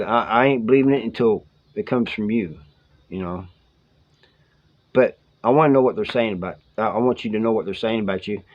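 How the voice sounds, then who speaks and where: A man who served time telling his prison stories in a casual, rambling way, full of slang, acting out the lines of the people he talks about. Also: mid-range voice. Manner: rambling, colloquial, quotes others in dialogue. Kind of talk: casual storytelling to camera. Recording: slightly dull lo-fi audio.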